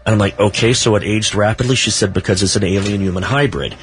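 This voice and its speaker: A man who writes about the paranormal, talking as a guest in a casual radio interview, telling stories slowly with small laughs. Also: fairly low pitch, a little hiss or hum. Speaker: paranormal author and researcher, guest.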